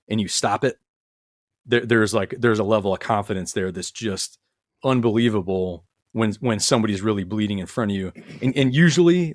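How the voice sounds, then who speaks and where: Earnest, rambling man with a low voice. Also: no echo, clean studio sound. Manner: rambling, many restarts and fillers, earnest. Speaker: podcast guest, retired military medic. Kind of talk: casual conversational storytelling.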